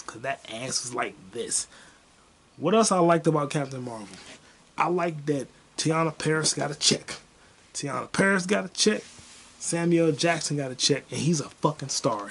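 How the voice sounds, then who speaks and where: Profane rambling man with a gravelly voice. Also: a little high. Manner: profane, rambling, animated bursts of excitement. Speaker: podcast host. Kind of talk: casual solo movie review rant.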